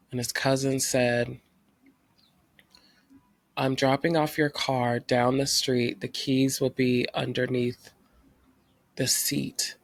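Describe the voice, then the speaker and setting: A young man from North Carolina tells a story from his own life. He acts out what he was thinking at the time, with his voice at a middle pitch for a man. The sound is close and dry, with no room echo. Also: vocal fry. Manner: animated retelling, acting out his own past thoughts. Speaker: vlogger. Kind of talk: personal storytelling.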